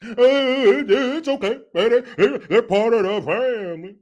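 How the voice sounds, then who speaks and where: A man putting on a mocking impression of a male politician, halting and stammering in a drawn-out, folksy way. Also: extremely high pitch, a little mellow, highs cut off, pitched above the performer's own voice.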